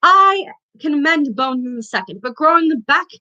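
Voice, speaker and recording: A woman's voice: high-pitched, expressive, moderate pace, bright, forceful tone, lo-fi sound, pitched above the performer's own voice. A woman reading aloud, voicing a stern older school nurse who scolds. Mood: scolding.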